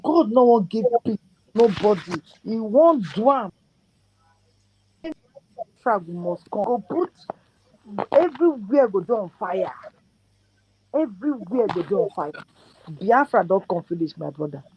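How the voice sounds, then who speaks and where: A woman with a Nigerian accent calling in to a show and talking in excited, repetitive Pidgin. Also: medium pitch, measured pace, pauses often, highs cut off, slight background noise. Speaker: caller. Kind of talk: call-in chat.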